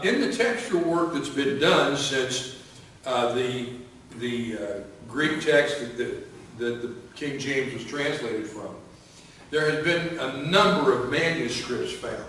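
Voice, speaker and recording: A man preaching a sermon as pastor, unhurried, with many fillers and restarts. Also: medium pitch, a bit bright, slight background noise. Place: church sanctuary. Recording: echoey church hall, voice from a distance.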